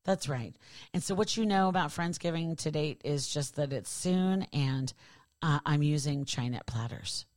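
Low-voiced sarcastic woman podcaster. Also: moderate pace, darkish tone. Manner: rambling, sarcastic and profane. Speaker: podcast host. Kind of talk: casual podcast monologue.

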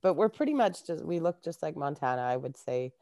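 A woman's voice: low voice, sing-song, fairly quick, dark tone, no room sound, clean studio sound. A Canadian woman, a life coach, chatting casually as an interview guest and laughing often.

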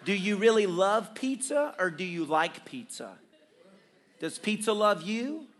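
Bright-voiced, fiery male preacher. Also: high-pitched, big pitch swings, unhurried, slight background noise. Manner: fiery preaching, rising to shouts; call-and-response with congregation. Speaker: pastor. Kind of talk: sermon.

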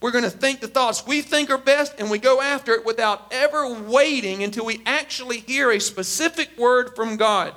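A man preaching a sermon as a pastor, emphatic and animated. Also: very high voice, normal speed, few pauses. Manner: animated, emphatic, acts out quotes.

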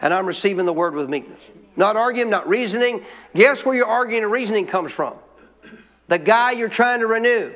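In a church sanctuary, a pastor with a high-pitched, animated, slightly bright voice preaches fairly quickly and with emphasis. He calls out to the people for responses, and a long reverb tail lingers in the hall.

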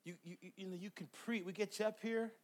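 A middle-aged male pastor preaching with energy, calling for amens and rising to shouts. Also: sits high, steady tone, fast. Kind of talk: sermon.

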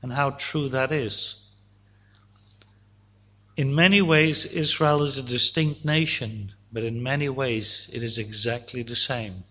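A man preaching a sermon, teaching slowly and deliberately through a psalm and voicing God's words at times. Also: medium pitch, bright, forceful tone.

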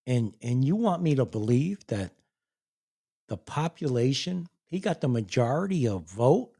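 A man's voice: a little high, warm tone. A man ranting angrily to his viewers, swearing a lot and laughing in disbelief. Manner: angry, profane, incredulous, laughs in disbelief. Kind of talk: profane political rant.

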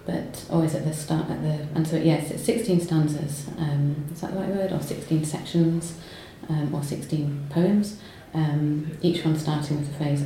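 A low, mellow-voiced woman speaks hesitantly, stopping and restarting as she explains her work, then reads poetry aloud. The room is strongly echoey, with faint noise behind her. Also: fairly even intonation, normal speed, hardly any pauses. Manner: hesitant, lots of ums and restarts when talking. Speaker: poet guest. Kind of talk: conversational interview and poetry reading. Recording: roomy echo, faint noise.

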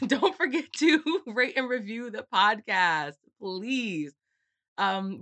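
Bright-voiced woman hosting a podcast. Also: medium pitch. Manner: laughs often, swears casually, animated. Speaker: podcast host. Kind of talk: casual book-club podcast chat.

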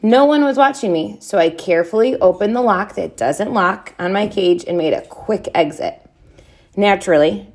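A woman reading a children's chapter book aloud, with expressive, drawn-out storybook delivery. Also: on the low side.

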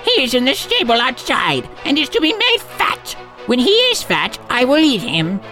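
A man voicing a wicked old witch in a storybook reading, in a shrill, mocking falsetto. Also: huge pitch swings, normal speed, bright, forceful tone, soft background music, full character voice. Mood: commanding.

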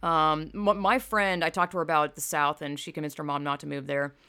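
Woman from the american south, casual vlog rant, blunt and profane, lots of ums and likes, slightly low voice. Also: flat delivery, a little fast, sharp tone, smooth. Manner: blunt, profane, rambling with many fillers. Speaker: vlogger. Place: home in California.

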